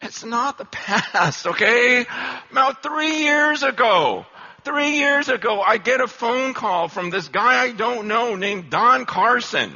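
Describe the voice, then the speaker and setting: A man giving an animated storytelling sermon at a conference, acting out the voices he quotes. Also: very high-pitched, slow, long reverb tail, lo-fi sound. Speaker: conference speaker.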